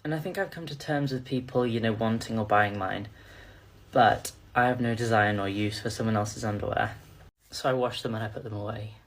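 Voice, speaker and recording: Guy with a raspy gravelly voice telling an awkward story kinda confessional. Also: lowish voice, brisk. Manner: confiding, self-conscious storytelling. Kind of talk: storytime narration.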